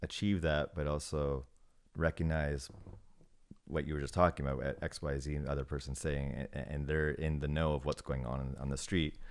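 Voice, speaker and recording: A middle-aged man talking casually on a podcast, measured and hesitant, thinking aloud as he goes. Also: a bass voice, little pitch movement, clear, resonant tone. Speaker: podcast guest, former snowboard shop manager.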